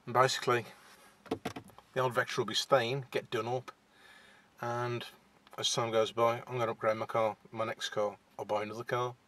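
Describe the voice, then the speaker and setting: A man's voice: medium pitch, little pitch movement, moderate pace, pushed and bright. Shy Midlands man vlogging from his car. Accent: West Midlands (Wolverhampton). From England. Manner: shy, hesitant, many fillers and restarts. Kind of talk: casual to-camera chat. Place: inside a parked car.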